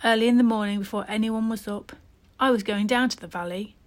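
A woman narrating a first-person children's story in a steady, expressive reading voice. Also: mid-range voice, a little fast. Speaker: storybook reader.

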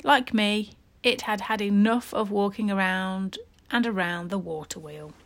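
A woman narrating a first-person children's story in a steady, expressive reading voice. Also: mid-range voice, unhurried. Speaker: storybook reader.

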